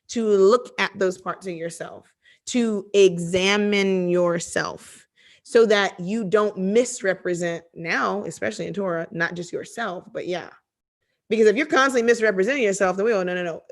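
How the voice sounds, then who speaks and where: With a medium-pitched voice, a woman runs a chatty Bible study: she reads a passage of scripture aloud, then breaks it down with animated asides.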